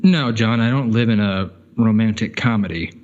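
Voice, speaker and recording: A man's voice: on the low side, normal speed, a little mellow, highs cut off, a little hiss or hum. A man co-hosting a podcast in casual chat, loose and sardonic, trailing off in filler words and swearing. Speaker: podcast co-host.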